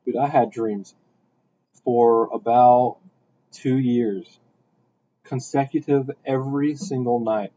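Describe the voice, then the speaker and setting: A young man telling a rambling story in casual podcast chat, with animated bursts. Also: medium pitch, takes it slowly, long pauses. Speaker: podcast host. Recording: dull lo-fi sound.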